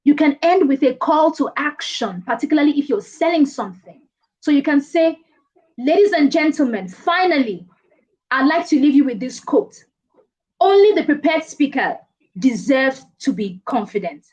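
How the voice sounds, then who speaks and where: A woman giving speaking advice as a guest in a casual online interview, lively and playful, often laughing. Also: high-pitched, normal speed, highs cut off. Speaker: guest speaker, presentation coach.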